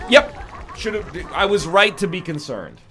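Pitched high and fairly bright, this man's congested voice is animated yet unhurried. He's a gaming YouTuber narrating a let's play, rambling and joking and chasing tangents.

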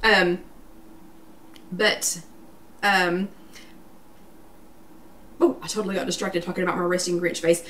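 A woman's voice: fairly low pitch, flat delivery, a little slow, long pauses, a bit bright. A woman hosting a live online weight loss workshop, chatty and encouraging, greeting viewers by name. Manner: chatty, encouraging, reads viewer names and comments aloud. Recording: echoey room, voice somewhat far from mic, faint background noise.

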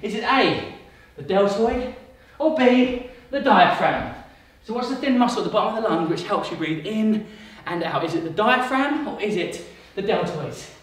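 A high-voiced man leads a kids' workout with cheerful encouragement, calling countdowns and moves between quiz questions. He sounds well away from the mic, and his voice rings around a very echoey room. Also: animated, moderate pace, few pauses, far from the mic. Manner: upbeat, encouraging, calls countdowns and cues. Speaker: fitness coach. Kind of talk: kids workout instruction with quiz.

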